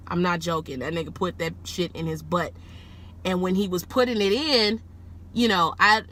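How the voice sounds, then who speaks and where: There's slight background noise as a woman rideshare driver, filming herself in her car, tells a story in a loose, animated style. She doesn't hold back on swearing, and her voice climbs high when she gets worked up.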